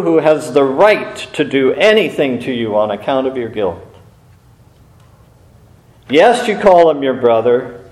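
A man preaching a sermon in an earnest, measured way, with brief pauses and small restarts. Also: medium pitch, a little mellow. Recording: echoey room.

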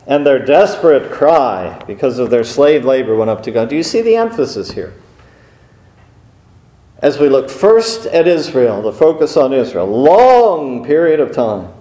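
A man's voice: mid-range voice, sing-song, a little slow, dark tone. A man preaching a sermon in a conversational way, with rhetorical questions and wry asides. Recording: roomy echo.

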